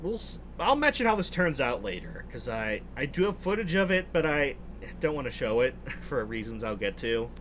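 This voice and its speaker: A young man hosting casual game commentary, relaxed and amused, chuckling often. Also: medium pitch, normal speed, a little hiss or hum. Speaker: host.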